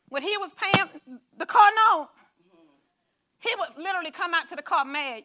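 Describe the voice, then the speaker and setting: A woman preaching a sermon in a conversational, animated way, talking straight to the congregation with asides and stories. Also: extremely high pitch, normal speed.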